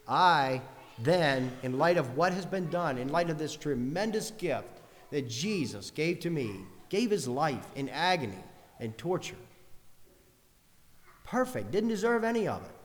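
Man, sermon, earnest, rising lists of phrases, slightly high voice, long hall reverb. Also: sing-song, normal speed, a little hiss or hum. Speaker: preacher.

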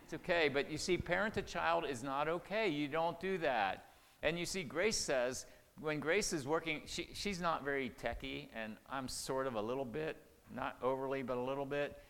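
An older man preaches a folksy, conversational sermon on communication in marriage, chuckling and acting out quoted lines. His voice is fairly high, creaky and fairly bright at a moderate pace, with long hall reverb.

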